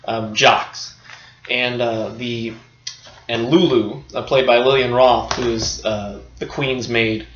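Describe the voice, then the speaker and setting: A man's voice: medium pitch, pushed and bright. A man giving an unscripted film review, rambling, with many fillers and restarts. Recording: echoey room, dull lo-fi sound.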